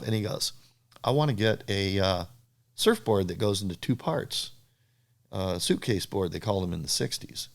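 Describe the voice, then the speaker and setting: A man's voice: on the low side, a little fast. An older man, a surfboard shaper, animatedly telling stories in a casual interview and acting out other people's lines. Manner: animated storyteller who acts out other people's lines with a raised voice.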